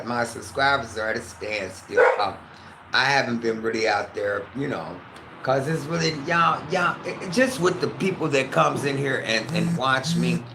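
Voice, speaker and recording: A man hosting a casual livestream from his kitchen. He rambles loosely, swears freely and talks straight to his chat. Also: mid-range voice. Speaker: livestream host. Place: home kitchen. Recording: echoey room with background noise.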